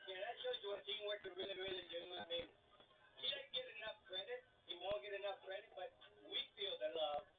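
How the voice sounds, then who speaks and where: A man giving a halting post-race interview full of fillers, his clip sped up so he sounds chipmunk-like. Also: high-pitched. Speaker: team owner interviewed. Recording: tinny distant clip with loud music.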